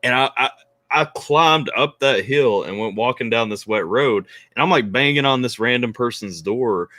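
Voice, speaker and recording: A man hosting a casual remote chat, talking in a rambling, animated way with lots of restarts. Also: mid-range voice, normal speed, no echo. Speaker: podcast host.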